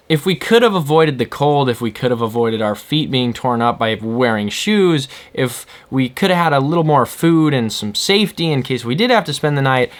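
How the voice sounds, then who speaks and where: A man vlogger animatedly retelling a scary adventure in a casual, excitable way. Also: mid-range voice. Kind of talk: casual storytelling.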